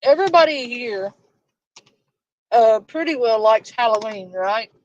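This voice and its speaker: A woman's voice: fairly high pitch, expressive, unhurried, slight background noise. A woman hosting a casual live stream, rambling and joking with plenty of swearing. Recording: dull lo-fi stream audio.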